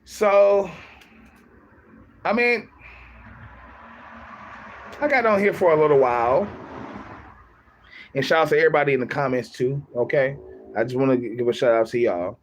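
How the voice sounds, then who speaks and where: A man's voice: medium pitch, normal speed, long pauses, slight background noise. Young guy rambling on his live, repeats himself, keeps laughing. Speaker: livestreamer. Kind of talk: casual livestream chat.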